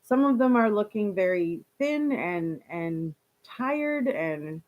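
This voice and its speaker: A woman's voice: medium pitch, expressive, slow, highs cut off. A woman chatting casually on a live stream, reading viewer comments aloud and laughing often.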